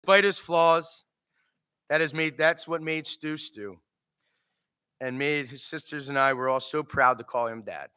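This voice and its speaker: A man's voice: a little high, unhurried, pushed and bright, smooth. A man giving an emotional eulogy for his father at a memorial service, telling funny stories and laughing through them.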